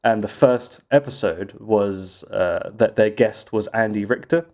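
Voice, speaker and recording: A man's voice: on the low side, measured pace, a little mellow. A man co-hosting a casual podcast chat, rambling through stories and laughing often. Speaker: podcast co-host.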